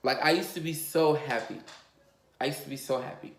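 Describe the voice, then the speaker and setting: A man's voice: fairly high pitch, steady tone, brisk. A man vlogging a confessional story in a rambling, emotional way, full of fillers and swearing. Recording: roomy echo.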